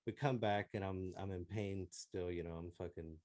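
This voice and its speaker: A man's voice: deep voice, steady tone, normal speed, a little mellow, no room sound. A man casually telling a crude, profane story to friends, laughing and acting out what others said. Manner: profane, laughing, acts out other people's lines. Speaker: podcast co-host.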